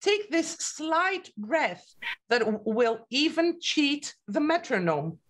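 Slow-paced woman coaching a pianist. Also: high voice, very animated. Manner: patient, coaching with questions, calling out dynamics. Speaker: piano teacher. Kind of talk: online masterclass teaching.

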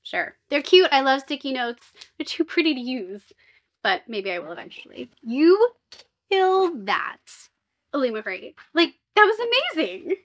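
A young woman vlogging a book box unboxing, reading blurbs aloud and reacting with excitable, gushing asides. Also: high voice, normal speed. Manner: excitable and gushing, with squealing outbursts and jokey asides. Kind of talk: casual unboxing chat mixed with read-aloud book blurbs.

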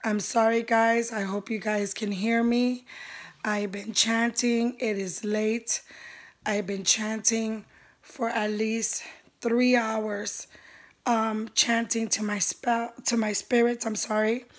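A woman's voice: fairly high pitch, little pitch movement. A woman spell caster talking casually to her clients in a vlog, tired and apologetic with a worn-out voice. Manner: weary and apologetic, drawn-out.

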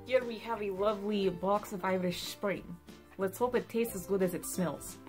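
A woman's voice: mid-range voice, fairly even intonation, moderate pace, soft background music, close to an everyday voice. A woman putting on a playful Russian accent, presenting like a mock-formal host. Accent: put-on Russian.

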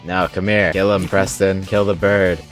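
A young man hosting a gaming video, excitable, often yelling and swearing as he plays. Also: low-pitched, normal speed, soft background music. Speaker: gaming channel host. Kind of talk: gaming banter.

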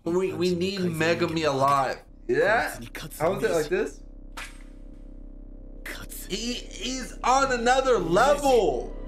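A man hosting an anime reaction channel, talking casually and excitedly, exclaiming and swearing as he talks to the screen. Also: sits high, slow pace, pauses often. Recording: music playing loud behind.

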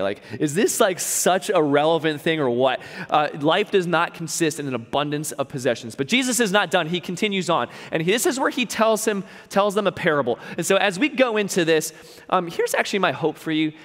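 A man's voice: a little high, a bit bright, in a large hall. A man preaching a sermon in an earnest, emphatic way, repeating key lines and adding playful asides. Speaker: pastor.

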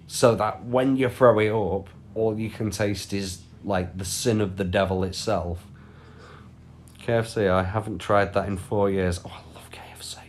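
Slow-talking British man chatting on stream. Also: on the low side, slight background noise. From United Kingdom. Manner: rambling, chatty, thanks viewers for gifts. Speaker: live streamer. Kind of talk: casual live-stream chat. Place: at home, lying down. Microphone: phone.

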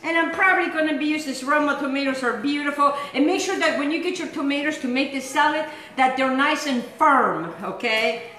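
A woman's voice: high-pitched, brisk, pushed and bright, reverberant, low-quality recording. A woman hosting a home cooking show, talking in a chatty, rambling, enthusiastic way as she demonstrates a recipe. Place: home kitchen.

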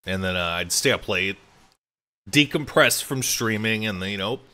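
Guy streamer, real bright tone, halting and hesitant, pitch jumps around. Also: lively intonation. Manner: halting, hesitant, many fillers. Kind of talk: candid personal talk on stream.

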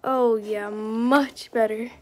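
A young woman chatting casually while playing a video game, reacting out loud to what happens. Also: fairly high pitch, steady tone, slow pace. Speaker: gamer. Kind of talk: casual gameplay commentary.

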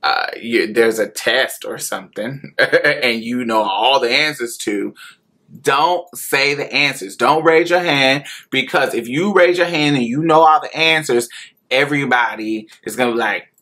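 With a rural Indiana accent, an adult man from Indiana tells a personal story slowly and candidly, laughing often and repeating himself. His voice is mid-range and sharp in tone.

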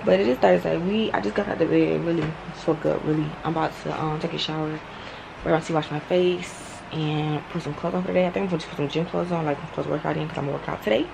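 A woman's voice: low-pitched, steady tone, fast, gravelly, background noise. A young woman, rambling casually about her day at home as she talks straight to her viewers. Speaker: vlogger. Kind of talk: casual day-in-my-life vlog.

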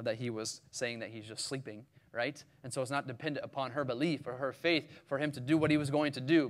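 A man preaching a sermon in a conversational way, reading scripture aloud and putting questions to the congregation. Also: mid-range voice. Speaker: pastor.

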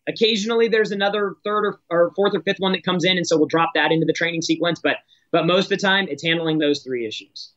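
A man's voice: high voice, fast talker, a bit bright, no room sound, muffled recording. A man answering as a sales executive guest on a podcast, talking in a direct coaching tone with frequent restarts.

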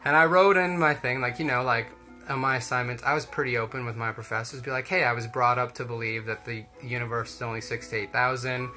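A man's voice: medium pitch, steady tone, fast, bright, forceful tone, soft background music. A young man giving a casual storytelling talk, rambling and chatty with lots of fillers.

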